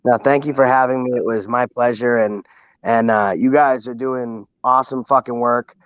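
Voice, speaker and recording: A man's voice: medium pitch, steady tone, moderate pace, fairly bright tone, smooth, no room sound, highs cut off. A man, a guest on an online chat show, joking and repeating a catchphrase, sounding exhausted.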